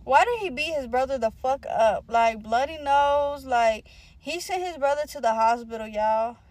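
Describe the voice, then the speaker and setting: A woman's voice: high voice, lively intonation, moderate pace, a little mellow. A young woman telling a personal story to her channel in a casual, profane, slangy way, rambling with lots of filler words.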